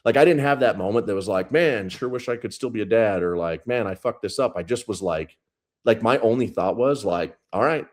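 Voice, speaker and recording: Deep-voiced man in his thirties, police sergeant, blunt and profane interview guest. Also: brisk, a little mellow. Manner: blunt, profane, intense retelling. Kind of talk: casual storytelling interview.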